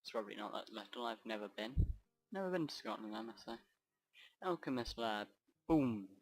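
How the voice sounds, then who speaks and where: A man's voice: fairly low pitch, expressive, normal speed, vocal fry, no room sound, rough recording. A man giving rambling let's play commentary over a strategy game, often trailing off and restarting his sentences. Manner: rambling, off-track, self-interrupting.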